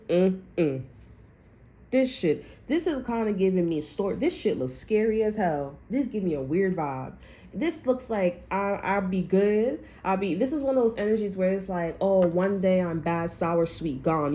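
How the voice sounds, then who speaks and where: A woman's voice: mid-range voice, animated, normal speed, warm tone. A woman giving a casual, loose tarot reading to her viewers, swearing freely and talking through restarts. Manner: loose and profane, chatty, fillers and restarts. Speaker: tarot reader.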